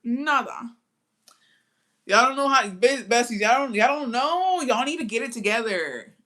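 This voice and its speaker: A woman vlogger chats casually to her viewers in a blunt, profane manner, mixing Spanish into her English. She tells stories in an animated way, full of theatrical asides, with a voice on the high side at a moderate pace.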